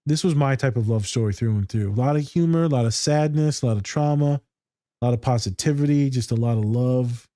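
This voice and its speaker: A man who co-hosts a podcast and works as a therapist talks in loose, animated chat, swearing and laughing as he goes. His voice has a warm, relaxed tone. The sound is dry and close, with no room echo. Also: mid-range voice, fairly quick. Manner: animated storytelling, swears freely, laughs often. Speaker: podcast co-host. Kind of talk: casual profane chat.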